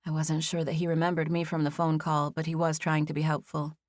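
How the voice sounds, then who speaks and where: A woman narrating a first-person novel as an audiobook. She reads in an even, measured storytelling manner, her voice sitting fairly low. The studio sound is dry and close-miked. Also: no echo.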